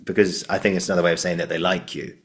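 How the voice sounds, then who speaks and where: A man's voice: deep voice, little pitch movement, very fast. A man hosting a casual podcast conversation, rambling and padding his thoughts with fillers, laughing as he retells jokes. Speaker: podcast host.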